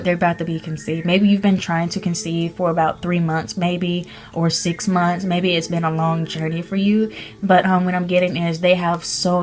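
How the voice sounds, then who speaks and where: A woman giving a casual tarot reading, gushing and chatty, with many ums and restarts. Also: on the low side. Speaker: spirit baby medium giving a tarot reading.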